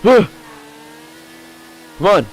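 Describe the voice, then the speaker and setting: A man giving casual, foul-mouthed gameplay commentary, swinging between low mutters and sudden yelps. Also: very slow, a little hiss or hum, rough recording. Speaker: gaming streamer.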